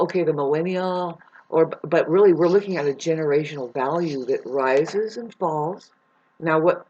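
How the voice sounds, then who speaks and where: Rambling woman astrologer, lo-fi sound. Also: lowish voice. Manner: meandering, swearing, talks to herself and imagined voices. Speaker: self-described astrologer and spiritual healer. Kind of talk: rambling monologue to camera.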